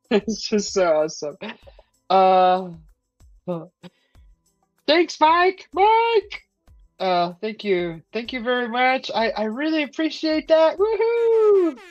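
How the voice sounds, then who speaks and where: A woman hosting a casual live stream, chatting with viewers, hesitant with many fillers and thanking viewers with excited whoops. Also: a little high, slow pace, pauses often, dry recording, lo-fi sound, soft background music.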